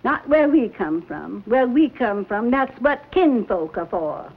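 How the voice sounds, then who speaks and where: A woman's voice: a little high, big pitch swings, unhurried, full character voice. A stern, scolding frontier mother. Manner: sharp, scolding, rustic. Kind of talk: 1950s TV western acting. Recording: tinny, lo-fi 1950s TV soundtrack.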